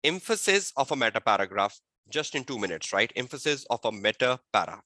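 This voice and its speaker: A man tutoring an online exam-prep webinar, firing repeated rhetorical questions at students and dictating model answers slowly. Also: medium pitch, sing-song, bright, forceful tone, dry recording. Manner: slow, deliberate dictation of answer phrasing.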